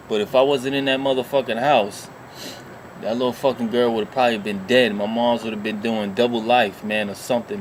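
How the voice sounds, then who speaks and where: A man's voice: medium pitch, slight background noise. A man telling a rambling, profane personal story in a casual vlog, leaning on filler phrases. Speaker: vlogger.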